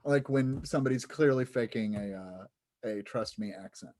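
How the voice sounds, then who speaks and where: A man's voice: medium pitch, moderate pace, darkish tone. Wry man podcast host. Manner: wry, self-interrupting. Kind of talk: casual podcast discussion. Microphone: video call.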